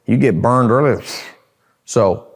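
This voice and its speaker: A man with a gravelly, creaky voice delivers an emphatic sales pitch straight to the listener and keeps repeating his points to drive them home. His voice trails off into a long reverb, as if he were in a large, echoing room. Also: slow. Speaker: online course marketer. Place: large house at night.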